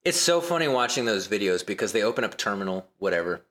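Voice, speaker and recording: Casting: man, low voice, lively up-and-down delivery, loose rambling chat. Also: fast talker. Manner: rambling, laughs often, acts out quotes. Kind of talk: casual chat.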